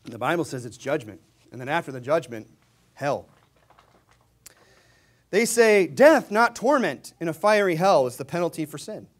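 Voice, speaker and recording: A man in full sermon mode, his voice set a little higher than most men's. He drops to quiet, mocking asides, then climbs into loud, emphatic shouts as he reads scripture aloud. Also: sing-song, moderate pace, pauses often. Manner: mocking, mimics opponents' views. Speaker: preacher.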